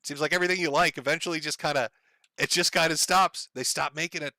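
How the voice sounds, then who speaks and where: A man's voice: a little high, steady tone, fast talker, bright, forceful tone, dry recording, clean studio sound. A middle-aged man streaming, chatting casually, reading donations and swearing freely with a wry, joking manner. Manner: profane, wry, laughs at his own jokes. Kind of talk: casual live-stream chat.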